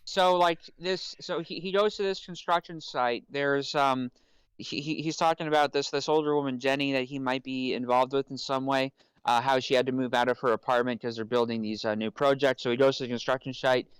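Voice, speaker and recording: A man's voice: medium pitch, steady tone, brisk, clean tone, dry recording, rough recording. A man on a podcast, talking casually about a film and stammering, repeating words over and over. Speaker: podcast co-host.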